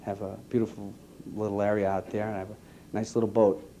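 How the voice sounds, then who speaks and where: A man, an EMT giving an earnest personal testimony to an audience, halting and repeating his words. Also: lowish voice, level tone, mellow, a little hiss or hum. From New York. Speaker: EMT speaking to a conference.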